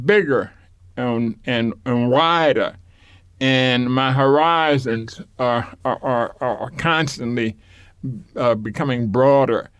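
A man's voice: medium pitch, a bit bright, clear, resonant tone, no room sound, clean studio sound. An older man being interviewed for an oral history, reminiscing in a rambling way with repeated words and occasional chuckles.

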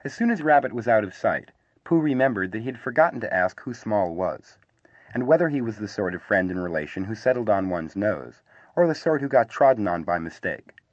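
A man reading a children's story aloud with lively, gently wry narration. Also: lowish voice, a little fast, no echo. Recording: slightly dull, dry recording.

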